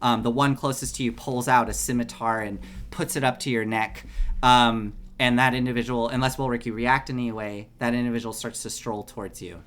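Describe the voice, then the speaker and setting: A man's voice: mid-range voice, steady tone, fairly quick, a bit bright. A man narrating a tabletop game as game master, improvising with plenty of fillers.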